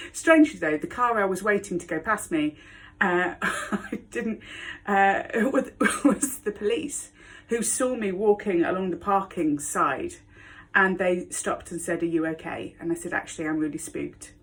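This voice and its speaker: A woman's voice: medium pitch, expressive, measured pace, fairly bright tone. A woman telling a personal story to camera, frank and blunt, often laughing as she speaks. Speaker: vlogger.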